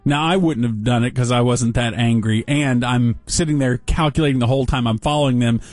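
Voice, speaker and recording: A man telling a story on a casual talk show, wry and deadpan, with dry sarcasm. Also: mid-range voice, a little fast, dry recording.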